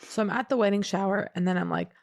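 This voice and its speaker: A woman's voice: medium pitch, fast, creaky. A woman in her thirties co-hosting a podcast, telling a long rambling story in casual chat and acting out what people said. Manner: animated, rambling, acts out quotes. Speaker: podcast co-host.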